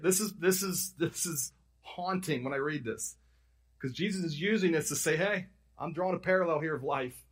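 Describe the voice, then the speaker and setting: Husky-voiced man preaching a sermon. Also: fairly high pitch, moderate pace. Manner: conversational preaching, restarts and self-corrections, emphatic storytelling. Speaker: pastor.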